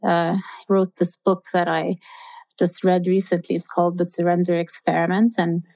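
Guest, woman in her 30s, slightly low voice, earnest and reflective. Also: little pitch movement, normal speed, a little mellow. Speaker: interview guest. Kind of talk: personal storytelling in an interview.

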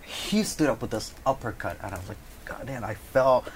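A man's voice: mid-range voice, lively intonation, moderate pace. A man cohosting a podcast, telling a story in casual chat, acting out quotes and swearing freely.

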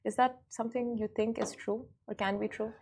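A woman's voice: on the high side, fairly even intonation, a little fast, creaky, darkish tone, husky. Chatty woman podcast co-host. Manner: chatty, asks loose questions. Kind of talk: casual interview chat.

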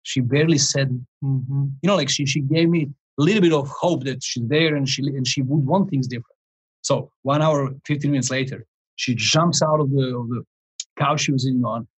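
A life coach in his forties tells a story during a podcast interview, animated and rambling, with frequent restarts and chuckles. His voice is medium-pitched, a little fast, with a breathy edge, on poor audio.

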